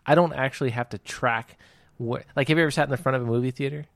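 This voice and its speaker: Texan guy chatting on a podcast, mid pitch, dry close sound. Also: fairly even intonation, quick pace, dry recording. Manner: chatty, interjects often. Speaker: podcast co-host. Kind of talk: casual chat.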